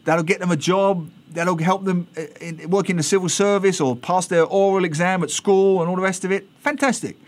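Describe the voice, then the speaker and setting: An English man, a columnist guest on a radio interview, talking in an animated, satirical way. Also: high-pitched, brisk, few pauses. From England. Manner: animated, satirical, mimics voices.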